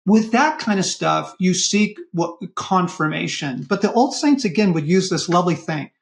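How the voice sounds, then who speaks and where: A middle-aged man speaking as a guest in a podcast interview, earnest and animated. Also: high voice, moderate pace, creaky. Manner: earnest, animated when quoting inner voices. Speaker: guest author.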